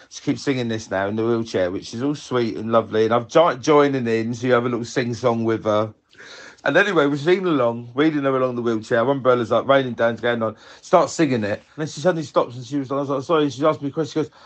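A man, telling a personal story in a reflective, tender, unhurried way. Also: mid-range voice.

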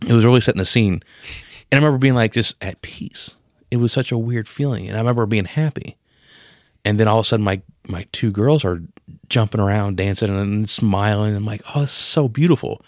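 A man in his thirties telling a personal story on a podcast, emotional and profane, marking each scene change with a sudden boom. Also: a little fast, no room sound, clean studio sound. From Pennsylvania. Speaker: podcast co-host. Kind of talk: casual storytelling.

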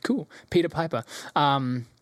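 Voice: medium pitch, a little slow, no room sound. Rambling game master narrating. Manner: rambling, with many ums and laughs.

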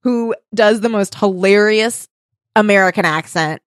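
A woman's voice: medium pitch, a little slow, dry recording, studio quality. A young woman co-hosting a podcast in casual chat, giggly and chatty, acting out little scenes. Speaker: podcast co-host.

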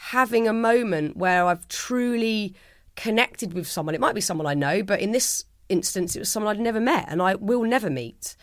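In this clean, dry studio recording, an interview guest talks reflectively at normal speed with a medium-pitched, expressive voice. She's a middle-aged woman, earnest and heartfelt, who frequently starts her sentences over.

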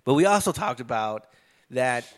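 A man's voice: mid-range voice, normal speed. A man co-hosting a podcast, telling stories in loose, profane, laughing banter. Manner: profane, laughing, animated storytelling. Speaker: podcast co-host. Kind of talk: casual chat.

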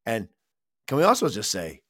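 A man's voice: mid-range voice, animated, brisk. An American man in a casual film podcast chat, swearing freely and ranting with mocking outrage. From United States.

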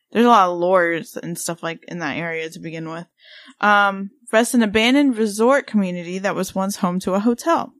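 A woman's voice: medium pitch, no echo, studio quality. A woman in her thirties co-hosting a casual podcast, rambling with lots of fillers as she talks through haunted places. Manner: rambling, many fillers, excitable. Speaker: podcast co-host.

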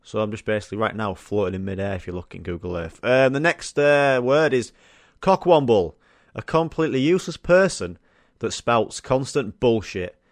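A man's voice: fairly low pitch, lively intonation, normal speed, no echo, clean studio sound. A young man hosting a solo podcast, chatting casually and swearing through rambling stories. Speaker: podcast host.

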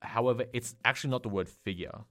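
A man's voice: medium pitch, fast talker, fairly bright tone. A young man co-hosting a podcast, explaining Japanese words in loose casual chat full of "like" fillers. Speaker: podcast co-host.

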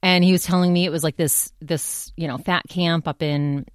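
A woman with a lowish, steady voice speaks at normal speed in a dry, clean studio recording. Hosting her own podcast solo, she talks casually in a rambling, chatty way with frequent restarts.

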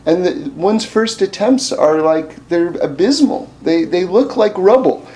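A man telling a personal story with a lesson in a casual, animated way, full of fillers and restarts, rising high and loud when he makes his point. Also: measured pace.

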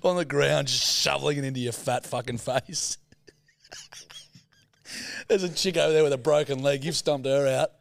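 A man's voice: medium pitch, moderate pace, gravelly, pauses often, no room sound. A young man co-hosting a podcast, joking crudely and swearing freely. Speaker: podcast co-host. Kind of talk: casual chat.

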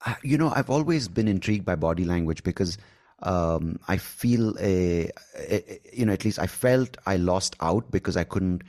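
A man with an Indian accent hosting an interview, enthusiastic and halting, with many restarts. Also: low-pitched, animated, darkish tone. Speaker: podcast host. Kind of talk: conversational interview.

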